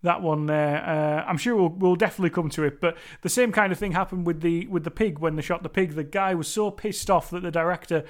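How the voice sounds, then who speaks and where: Male podcast host, fairly high voice, rambling and eager, casual solo talk. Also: fairly quick, few pauses. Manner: chatty, rambling, enthusiastic with restarts.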